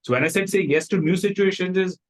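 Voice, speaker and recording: A man with an Indian English accent, a company founder telling stories in a casual interview, lively and acting out the people he quotes. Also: quick pace. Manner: animated, acts out quoted people in a higher voice.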